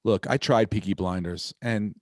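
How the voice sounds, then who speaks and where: A man's voice: lowish voice, moderate pace, a little mellow, no room sound, clean studio sound. Profane ranting man on a podcast. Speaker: podcast host. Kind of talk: casual podcast banter.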